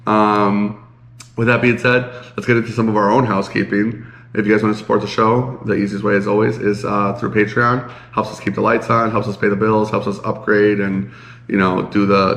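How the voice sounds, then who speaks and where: Male podcast co-host, congested and nasal, low gravelly voice, rambling chat in an echoey room. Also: level tone, fairly quick, a bit bright. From Chicago area. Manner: rambling, many fillers. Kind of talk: casual chat.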